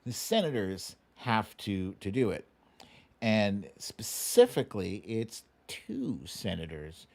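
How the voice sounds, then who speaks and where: A man hosting a live stream in casual chat, reading viewer comments aloud and answering them with quick asides and hums. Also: fairly low pitch, vocal fry. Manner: animated, frequent chuckles and filler hums. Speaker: livestream host.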